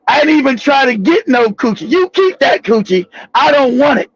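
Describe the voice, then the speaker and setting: A man hosting a live talk show. He tells a casual, profane, animated story, laughing often and bursting into shouts. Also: very high voice, normal speed, hardly any pauses, husky, dry recording. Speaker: show host. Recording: dull, dry lo-fi audio.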